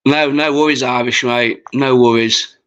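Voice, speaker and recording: A man's voice: medium pitch, steady tone, a little slow, fairly bright tone, clean tone, lo-fi sound. A man, chatting casually and swearing freely while hosting a livestream. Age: 40s. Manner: rambling, sweary, chatty with viewers. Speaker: livestream host.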